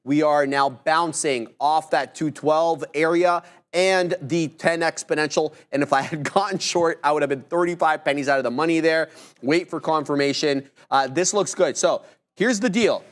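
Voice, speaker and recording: Measured man explaining stock charts. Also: fairly high pitch. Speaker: co-host trading live. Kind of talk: live market commentary.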